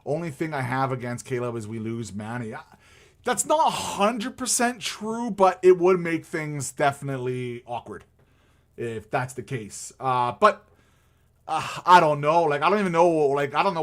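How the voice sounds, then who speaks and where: A man's voice: on the high side, normal speed, a bit bright. Rambling man chatting hockey on stream. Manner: rambling, with many fillers and restarts. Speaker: live-stream host. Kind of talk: casual live-stream hockey chat.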